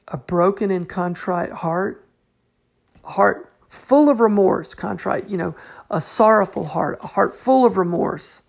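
Woman, Bible teacher, relaxed unscripted delivery, some fry in the voice. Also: fairly low pitch. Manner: conversational, fills with "you know", restarts often. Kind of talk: informal Bible study talk.

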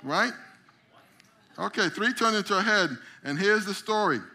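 This memory drawing lesson is led by a middle-aged man with a high, breathy-edged voice and a moderate pace. He teaches the group as an animated storyteller, acting out short stories with voices.

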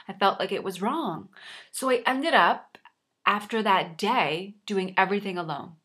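A woman's voice: medium pitch, moderate pace, fairly bright tone, breathy edge. Woman, life coach, earnest, reflective, slight frog in throat, monologue. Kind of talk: personal story monologue.

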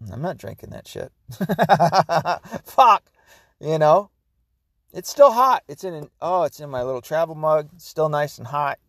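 A man's voice: on the high side, a little mellow, no echo, studio quality. A man hosting his own podcast, talking in a rambling, profane, ranting monologue. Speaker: podcast host. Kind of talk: casual solo monologue.

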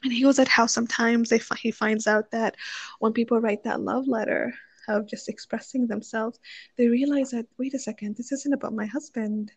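A woman's voice: a little high, fairly even intonation, moderate pace, slightly rough, dry recording. Chatty woman, rambling book summary. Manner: chatty, rambling, many fillers and restarts; acts out quoted lines in little voices. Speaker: book reviewer. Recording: dry, slightly muffled recording.

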